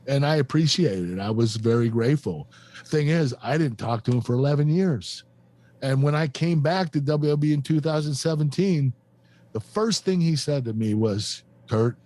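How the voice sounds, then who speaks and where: A man in his fifties hosts a podcast and recounts a painful chapter of his life. He speaks earnestly and haltingly, circling back with fillers and restarts. His voice sits at an ordinary middle pitch. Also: mellow. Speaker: podcast host and former wrestler. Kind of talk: emotional personal storytelling.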